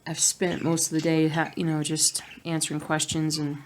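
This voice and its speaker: A woman's voice: deep voice, monotone, normal speed. A woman chatting casually while cross-stitching at home at night, rambling and humming nonsense sounds to herself. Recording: noisy home recording with birds.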